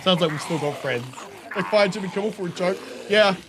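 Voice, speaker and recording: A man with a New Zealand accent rants to his live-stream chat during a game, his high voice animated as he laughs often and swears without restraint. He talks a little fast, and noticeable background noise sits in the recording.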